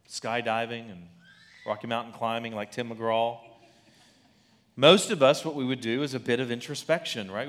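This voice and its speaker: Male pastor, mid pitch, relaxed conversational sermon delivery. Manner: conversational, asks "right?" often, with restarts. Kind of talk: expository sermon.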